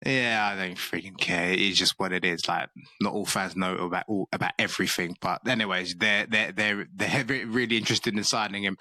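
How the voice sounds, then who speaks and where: A young man hosts a relaxed football chat, running through transfer rumours and tripping over his own restarts. His voice is bright and forward, recorded dry and close with no room sound. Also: deep voice, brisk, dry recording. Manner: restarts sentences often, reads transfer news, calls co-host "bro". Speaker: football podcast host.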